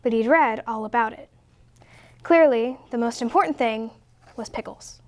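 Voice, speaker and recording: A woman reading a children's picture book aloud in a slow, expressive way. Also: a little high. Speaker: story reader. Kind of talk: storybook read-aloud.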